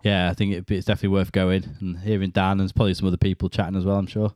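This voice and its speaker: A man hosting a casual interview, easygoing and relaxed, laughing along with his guest. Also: low-pitched, rapid-fire, no echo, clean studio sound. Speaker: podcast host.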